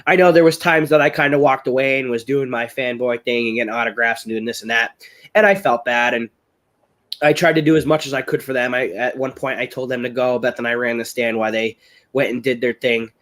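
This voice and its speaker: An American man at an ordinary pitch chats on a live webcam stream while a little unwell. He tells long stories in a rambling, excitable way and gets loud when the story heats up. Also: brisk. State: ill, voice strained. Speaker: guest, chili-eating champion. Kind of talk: casual live-stream chat. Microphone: webcam on a live video call.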